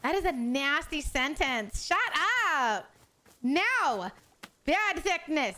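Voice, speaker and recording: A woman's voice: high-pitched, expressive, slow pace, pushed and bright. A young woman streaming a game, chatting casually with over-the-top, profane outbursts. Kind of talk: casual game livestream chat.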